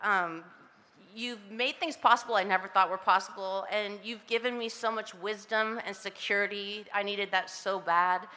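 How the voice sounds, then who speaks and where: A woman from Southern California speaks at a podium, her voice bright and pushed forward. She gushes, giggles and runs breathlessly through her thanks. The sound carries a long echo from the outdoor PA system. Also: mid-range voice, fairly even intonation, moderate pace. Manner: breathless, giggly, gushing with frequent laughs. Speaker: honoree giving acceptance speech. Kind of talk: emotional outdoor acceptance speech. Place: outdoor ceremony on a public street. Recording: PA speech with long street echo.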